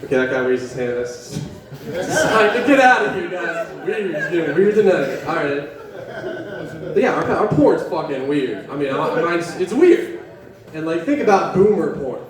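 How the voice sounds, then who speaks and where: A young male comic from West Virginia works an open mic, talking in a slightly high voice and a loose, swearing, self-deprecating ramble. He keeps turning to the crowd. The camera sits well back, so the voice comes through a very echoey room with an audience laughing around him. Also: big pitch swings, normal speed, distant mic. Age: young adult. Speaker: stand-up comedian. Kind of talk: open-mic stand-up set. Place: coffee shop open mic. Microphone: camera set up in the room.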